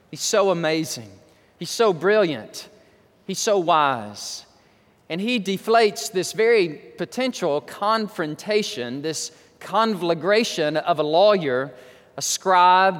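A man's voice: sits high, a bit bright, big-room sound. A male pastor preaching a sermon, telling a story in a dramatic, emphatic way.

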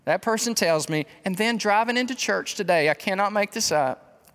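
A man in his fifties preaching a conversational sermon, telling stories in an animated way with quick asides. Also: sits high. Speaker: pastor. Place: church sanctuary. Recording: long hall reverb of a church.

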